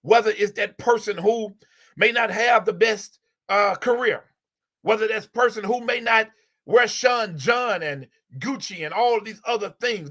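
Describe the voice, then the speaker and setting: A man's voice: high voice, pushed and bright. A man hosting a live stream, giving a heartfelt inspirational talk with a preacher-like repetitive cadence and open emotion, speaking into a phone. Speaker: livestream host.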